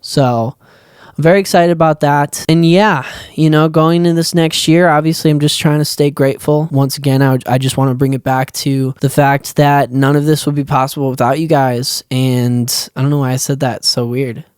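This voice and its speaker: A man musician talking casually to his viewers in a year-end vlog, relaxed and rambling with lots of likes and restarts. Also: a little high, moderate pace, smooth, dry recording, studio quality. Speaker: musician and video creator.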